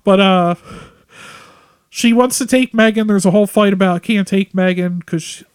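High-voiced man in dry casual chat. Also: normal speed, clean tone, no room sound. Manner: rambling, swearing, laughs often. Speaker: podcast co-host. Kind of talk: casual film review chat.

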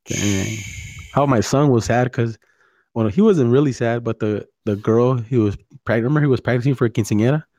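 A man's voice: medium pitch, a little fast, dark tone. A man, hosting a casual chat, swearing a lot and mixing in Spanish slang. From California. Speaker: podcast host.

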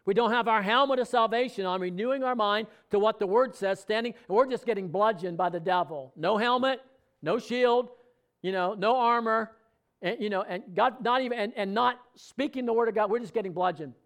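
A man's voice: high-pitched, brisk, a bit bright. A middle-aged man preaching a sermon in a conversational way, asking the congregation questions and speaking out example prayers. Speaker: pastor.

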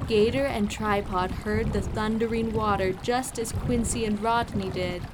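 Woman reading a children's audiobook; slow, clear, fairly high, steady background hiss. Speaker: audiobook narrator. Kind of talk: scripted children's story narration.

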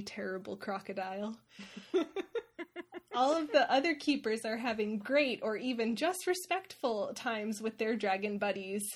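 A woman host giving a wry, irreverent comedic recap of a fantasy novel. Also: a little high. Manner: wry, irreverent, laughs often. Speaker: podcast host.

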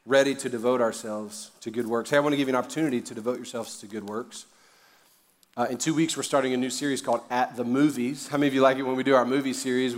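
A man preaching a sermon as a pastor, conversational and joking, with sudden loud emphasis on key words. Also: mid-range voice. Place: church auditorium. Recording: reverberant large hall.

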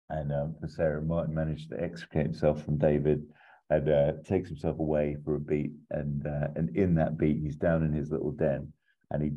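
A man chatting casually as a podcast co-host, rambling through a pitch with lots of fillers and chuckles. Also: warm tone, husky. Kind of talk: casual chat. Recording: slightly muffled recording.

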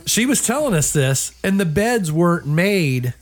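A man's voice: high-pitched, a little slow. An older man with grandchildren telling a travel story in a casual chat, acting out the voices of the people in it. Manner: animated storyteller acting out quoted dialogue.

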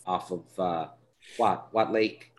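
A man's voice: sits low, steady tone. Newfoundland-accented male podcast host, casual and rambling. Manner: chatty, rambling, quick to laugh.

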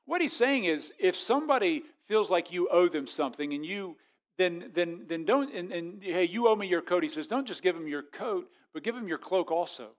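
A middle-aged man preaching a sermon as a pastor, conversational and storytelling, often restarting his words and swinging from quiet to loud. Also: high voice, lively intonation, moderate pace.

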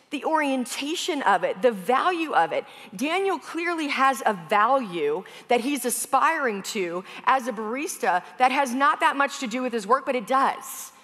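A woman pastor preaches in a relaxed, chatty way. She tells everyday stories with casual fillers, and her fairly high voice carries a long reverb from a large church hall. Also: measured pace. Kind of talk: conversational sermon.

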